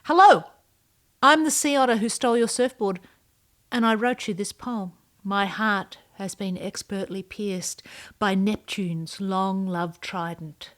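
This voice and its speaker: A woman's voice: medium pitch, unhurried, close to an everyday voice. A woman voicing an earnest female sea otter who writes personal ads and poems, read out in the first person. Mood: poetic.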